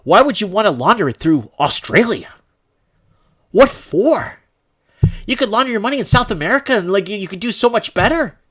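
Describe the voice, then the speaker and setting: A man from Canada hosting a loose livestream, his voice sitting a little high for a man. He rambles, restarts sentences and reads viewer emails aloud. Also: fairly bright tone. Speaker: host. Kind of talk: casual livestream commentary.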